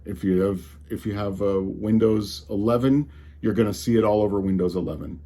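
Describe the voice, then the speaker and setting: A tech commentator with a fairly low, warm voice and a slight Colorado drawl rants about technology in a casual, exasperated way. His tone stays steady and his pace brisk, though he often restarts sentences.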